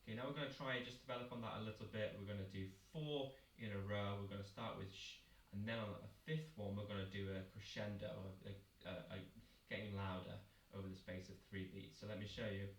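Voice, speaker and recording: A man, a choir teacher leading a vocal warm-up and explaining each step patiently. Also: on the low side, fairly even intonation, fast talker, slight background noise. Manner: patient, step-by-step instructing with demonstrations. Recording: echoey room, mic at a distance.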